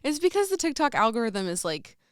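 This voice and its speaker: A woman's voice: fairly high pitch, very animated, fairly quick, smooth, no echo, clean studio sound. A young adult woman chatting as a podcast guest, giggly and chatty with lots of fillers. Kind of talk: casual chat.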